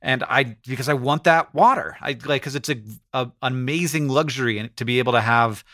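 A man's voice: medium pitch, a little fast, a bit bright, no room sound, clean studio sound. A man co-hosting a podcast, chatting in a musing, playful way with many fillers. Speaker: podcast co-host. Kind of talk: casual chat.

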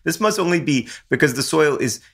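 A man's voice: a little high, animated, fairly quick, gravelly, fairly bright tone, breathy edge. A man co-hosting a podcast, joking and teasing with frequent laughter, also reading listener letters. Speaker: podcast co-host. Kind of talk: casual podcast chat.

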